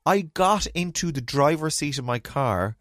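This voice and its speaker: A man, a podcast co-host chatting casually, telling lively stories, often laughing and acting out his own texts. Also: on the high side, a little slow, dry recording, studio quality. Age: 30s. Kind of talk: casual chat.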